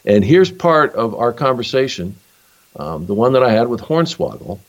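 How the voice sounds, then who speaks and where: A man's voice: mid-range voice, big pitch swings, moderate pace, highs cut off, slight background noise. A man hosting a podcast interview, talking in an easygoing, reflective way. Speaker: podcast host.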